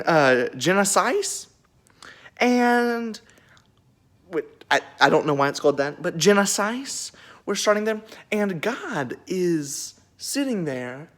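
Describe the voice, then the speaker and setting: A young vlogger cracking jokes through a bible retelling, the pitch bouncing widely. the delivery rambles with plenty of asides, and the tone is animated and playful. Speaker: video creator.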